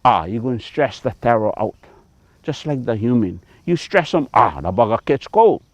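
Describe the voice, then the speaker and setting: A man's voice: medium pitch, big pitch swings, moderate pace, no room sound, muffled recording. A man with a Hawaiian Pidgin accent, a farmer teaching outdoors on a taro farm in a folksy, emphatic way, mixing in Hawaiian words.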